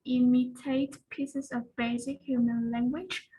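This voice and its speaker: A woman's voice: sits high, level tone, a little slow, warm tone, a little hiss or hum, low-quality recording. A woman student answering a speaking test question with careful, formal phrasing.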